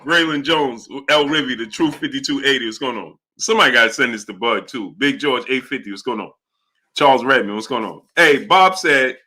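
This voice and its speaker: Bright-voiced man hosting a livestream. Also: mid-range voice, brisk. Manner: laughing often while giving shout-outs. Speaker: livestream host. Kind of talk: casual livestream boxing commentary.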